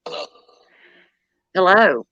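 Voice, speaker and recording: A host running a live spirit box session, asking questions in a calm, drawn-out way. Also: medium pitch, no echo, dull audio. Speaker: paranormal stream host.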